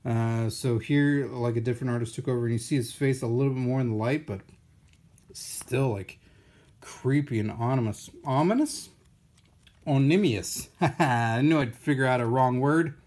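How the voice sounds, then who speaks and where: Excitable man gushing over comics. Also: medium pitch, moderate pace. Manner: excitable and playful, gushing over finds and joking with viewers. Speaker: unboxing video host. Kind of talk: casual live-stream chat while unboxing.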